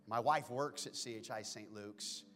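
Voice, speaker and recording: A pastor delivering a sermon, swinging from hushed whispers to loud exclamations. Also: male voice, on the low side, moderate pace. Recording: long hall reverb with faint music.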